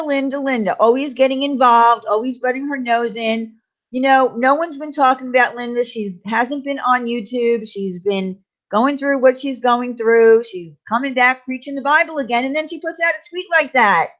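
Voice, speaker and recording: A high-pitched woman vents her anger on her own channel, throwing out sarcastic questions and repeating names with indignation. The sound is muffled and lo-fi. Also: a bit bright. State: angry. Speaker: YouTube commentary host. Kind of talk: angry ranting commentary.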